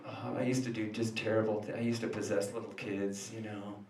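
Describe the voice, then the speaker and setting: A man's voice: on the low side, level tone, fairly quick, darkish tone, natural voice. A man playing a male demon who confesses his sins at a recovery meeting in a sheepish, confessional way. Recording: echoey room from far off.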